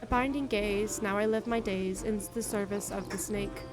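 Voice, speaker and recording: A woman's voice: mid-range voice, steady tone, moderate pace, music in the background, natural voice. A woman voicing a dreamy, spellbound young male bard in a game, reciting in a lilting, sing-song rhyme. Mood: wistful.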